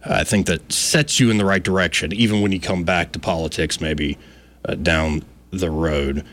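Guy hosting talk radio, low voice, folksy and chatty, reads ads off the cuff. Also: steady tone, moderate pace, a bit bright. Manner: folksy, chatty, loose delivery with fillers. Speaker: radio talk show host. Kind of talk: casual radio talk and live ad read.

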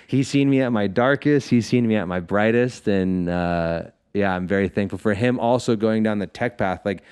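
A man's voice: fairly low pitch, normal speed, a little mellow, clean tone. A man guesting on a podcast, telling loose, profane stories in casual chat with lots of "like" fillers. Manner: loose storytelling, swears freely; frequent "like" fillers.

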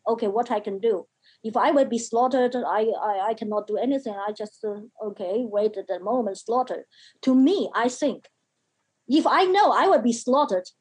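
A woman guest recounting her childhood in earnest, halting non-native English with many restarts. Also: fairly high pitch, darkish tone, slightly rough. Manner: acts out quoted voices from her childhood. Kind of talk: personal storytelling in an interview.

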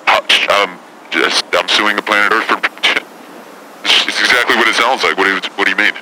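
A man's voice: on the low side, fairly even intonation, fairly quick, heavy background noise, natural voice. A man impersonating a brash, foul-mouthed celebrity woman who calls in to pick fights, rambling and cursing as he talks. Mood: combative. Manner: profane, combative, rambling. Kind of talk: prank call impression.

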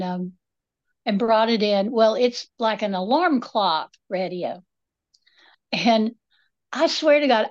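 A middle-aged woman co-hosting a podcast, telling stories in a casual, wry, self-mocking way. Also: a little high. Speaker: podcast co-host. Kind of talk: casual chat. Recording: dull lo-fi sound.

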